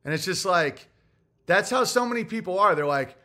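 Forceful, profane male podcast ranter. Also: sits high, animated, normal speed. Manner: profane, heated storytelling. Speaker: podcast host. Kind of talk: casual ranting monologue.

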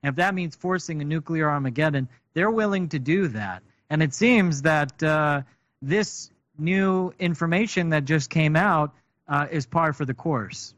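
A man giving political commentary in a halting way, with filler pauses. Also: on the high side, fairly bright tone, no room sound, muffled recording.

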